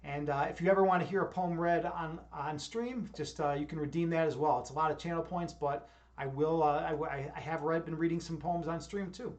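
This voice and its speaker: Rambling high-voiced man from Chicago. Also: steady tone, fairly quick. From Chicago, USA. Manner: rambling, many restarts and fillers. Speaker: livestreamer. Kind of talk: casual stream chat.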